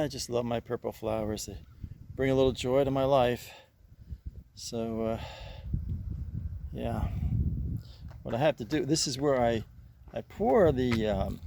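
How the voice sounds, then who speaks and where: An older man vlogging while weeding his yard outdoors, rambling and repeating himself, sighing and a bit winded. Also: a little hiss or hum. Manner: coaxing high calls to his pet. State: getting winded. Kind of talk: casual vlog chat.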